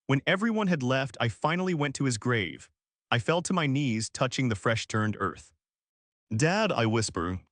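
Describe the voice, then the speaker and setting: Male narrator, mid-pitched, earnest and dramatic, dry close voice-over. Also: a bit bright, dry recording. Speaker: story narrator. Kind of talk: scripted first-person narration.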